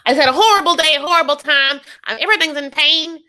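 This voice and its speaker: A woman putting on the voice of a whiny, self-pitying woman on a phone call, with a high, sing-song complaining delivery. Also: quick pace, pushed and bright. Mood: whining.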